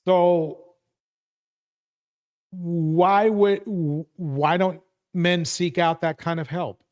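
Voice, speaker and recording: A man's voice: sits high, fairly even intonation, very slow. A man hosting a live talk stream, asking his panel pointed questions. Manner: probing, asks pointed questions.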